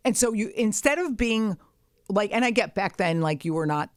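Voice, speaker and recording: Mid-pitched woman on a podcast, swears a lot, acts out who said what, dry studio sound. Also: expressive, normal speed, dry recording. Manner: blunt and profane, acts out both sides of her stories. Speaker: podcast co-host. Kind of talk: casual comedic storytelling chat.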